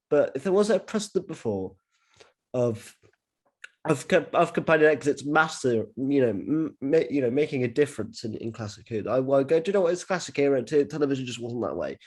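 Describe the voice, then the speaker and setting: A man hosting a casual podcast chat, excitable, stumbling over restarts and swearing freely. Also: fairly high pitch. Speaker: podcast host.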